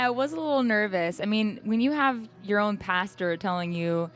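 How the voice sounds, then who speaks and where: A woman's voice: medium pitch, expressive, moderate pace. A young woman, a singer, chatting candidly in an interview and laughing often as she tells her stories. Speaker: guest singer. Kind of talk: casual interview chat. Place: backstage at an event.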